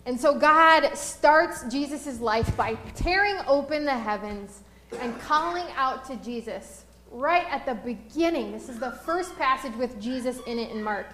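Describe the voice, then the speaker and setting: A woman pastor giving a sermon, telling a personal story and slowing down to read scripture aloud. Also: sits high, fairly bright tone, a little hiss or hum. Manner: storytelling, slows for scripture reading. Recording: roomy echo.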